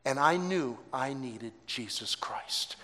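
A man pastor telling stories in a sermon, animated, acting out the voices he quotes, with stammering restarts. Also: medium pitch, slow. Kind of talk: sermon storytelling. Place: church sanctuary. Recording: long hall reverb.

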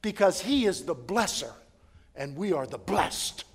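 High-voiced preacher in a reverberant hall. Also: male voice, sing-song, unhurried, husky. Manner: swings from loud emphatic preaching to hushed prayer. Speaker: pastor. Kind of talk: sermon.

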